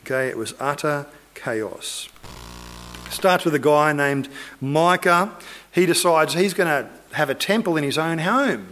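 A man's voice: a little high, expressive, a little slow, a bit bright. A man preaching, retelling a Bible story in a loose, conversational way with asides to his listeners.

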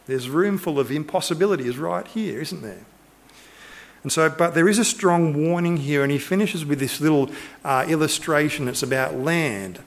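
A pastor preaching a sermon with earnest, emphatic delivery, driving points home with short repeated urgings. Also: male voice, a little high, normal speed, gravelly.

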